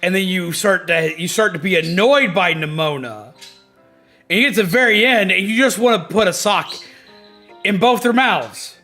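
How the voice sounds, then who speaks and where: A male streamer rants animatedly and profanely through casual gaming commentary. His voice sits high and swings widely in pitch, with a bright, sharp edge, and faint music plays behind him. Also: animated, normal speed. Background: faint background music.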